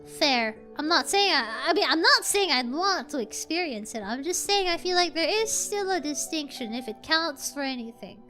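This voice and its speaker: A woman streamer chatting casually while she plays, rambling and correcting herself, with sudden excitable outbursts. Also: sits high, normal speed, few pauses, soft background music. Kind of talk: casual gameplay stream chat.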